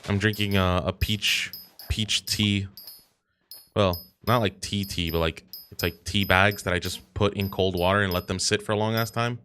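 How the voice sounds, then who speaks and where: A young man chatting on a casual livestream, swearing freely and bantering in an animated way. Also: fairly low pitch, normal speed, a little hiss or hum. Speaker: streamer.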